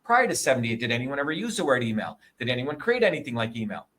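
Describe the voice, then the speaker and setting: A man in his sixties, a guest in an interview, talking in a combative, profane and emphatic way, often pausing to ask "okay?" or "you see?". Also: medium pitch, sing-song, fairly bright tone. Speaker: interview guest, presidential candidate.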